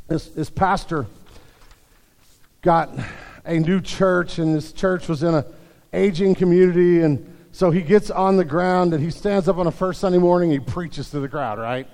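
A man's voice: fairly high pitch, darkish tone, big-room sound. A male pastor preaching a sermon in a church, telling stories with jokes and frequent restarts. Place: church sanctuary.

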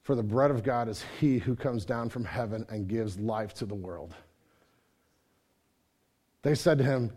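A male pastor preaching a sermon, rising loud and quieting low as he talks. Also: a little slow, long pauses. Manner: dynamic preaching, swings from loud to soft.

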